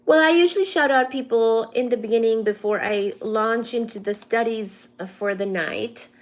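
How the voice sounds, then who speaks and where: A woman hosting a casual livestream, greeting viewers one by one by name and answering chat in a soft-spoken way with frequent ums. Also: a little high, moderate pace. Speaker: livestream host reading chat.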